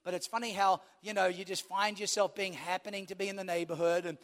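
Male pastor, high-pitched, humorous storytelling sermon, long hall reverb. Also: fairly even intonation, fast talker, fairly bright tone. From Australia. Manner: storytelling, humorous, acts out quoted dialogue.

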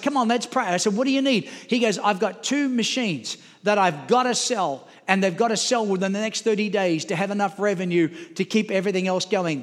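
A male pastor, preaching a sermon and telling a story in an animated way, his voice rising and getting louder as it builds. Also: high-pitched. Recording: long hall reverb.

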